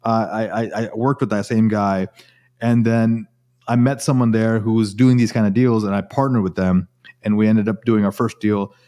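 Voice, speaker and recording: A cardiologist in his forties who also invests in real estate tells his story as a guest in a casual interview. He's animated, often quotes himself, and frequently restarts sentences. His voice is on the low side, at a moderate pace.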